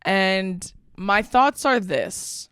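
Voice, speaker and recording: A woman's voice: medium pitch, animated, extremely slow, fairly bright tone, smooth, dry recording, clean studio sound. Laid-back, laughing young woman co-host. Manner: laughs often, casual, swears freely. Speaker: podcast co-host. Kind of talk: casual chat.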